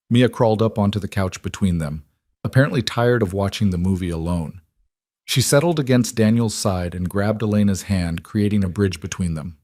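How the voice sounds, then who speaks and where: A man narrating a scripted drama story in a measured, even reading. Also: lowish voice, no room sound, studio quality.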